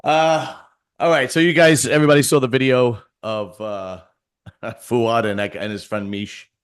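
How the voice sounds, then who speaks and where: Brief: male host, relaxed and loose, laughs a lot, mid pitch. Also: unhurried, clean tone. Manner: laid-back, loose, laughs often. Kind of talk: casual chat.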